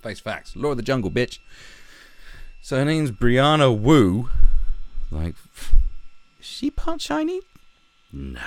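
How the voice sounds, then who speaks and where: A man's voice: lowish voice, no room sound. A man hosting a commentary vlog, ranting in a sarcastic, profane, mocking way. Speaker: channel host.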